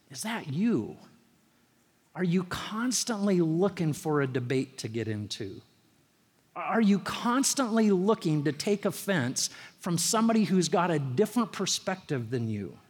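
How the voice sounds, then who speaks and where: Pastor, high male voice, chatty sermon with stories, long hall reverb. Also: husky. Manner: conversational storytelling preacher, rising emphasis on key phrases.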